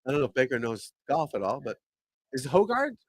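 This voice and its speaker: A man hosting a casual golf livestream, talking loudly, swearing and rambling as he chats with viewers. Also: mid-range voice, very animated, a little fast, breathy edge, no room sound, rough recording. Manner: loud, swearing, rambling and frustrated. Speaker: golf pro livestream host. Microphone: desk mic at computer.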